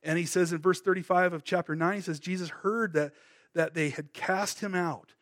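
A middle-aged man gives a sermon mixed with personal testimony, talking in a loose, rambling way. He fills his sentences with "you know" and restarts them often. His voice sits a little on the high side. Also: steady tone, normal speed, a bit bright. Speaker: preacher.

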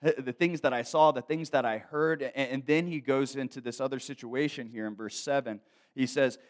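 A man's voice: mid-range voice, moderate pace. A man preaching a conversational sermon, reading scripture and then talking to the congregation casually, acting out voices from everyday life. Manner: conversational preaching with asides and laughs; animated, acts out quoted voices. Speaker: pastor.

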